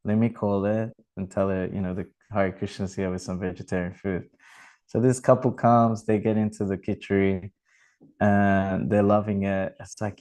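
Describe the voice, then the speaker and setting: A man's voice: lowish voice, level tone, normal speed, darkish tone, low-quality recording. A man giving an informal religious talk and telling a long anecdote, rambling with many fillers and restarts. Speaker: temple speaker.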